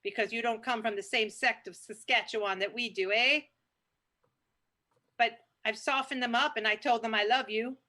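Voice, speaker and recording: A woman's voice: on the high side, steady tone, normal speed, bright, forceful tone. A woman playing a talkative, self-righteous Canadian woman in an improv scene, rambling on and tagging lines with "eh". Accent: Canadian put-on. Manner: rambling, indignant, ends lines with "eh". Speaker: improv performer.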